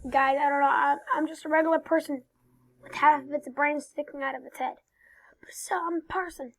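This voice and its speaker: Young woman gamer, high voice, excitable and dramatic, chatty commentary. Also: fairly quick. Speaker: gaming video host. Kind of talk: casual gameplay commentary.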